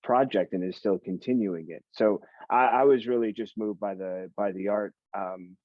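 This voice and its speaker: A man hosting an interview, talking casually with halting restarts and praise for the guest's work. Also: lowish voice, no room sound. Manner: warm, complimentary, halting restarts. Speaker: podcast host. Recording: dull dry lo-fi sound.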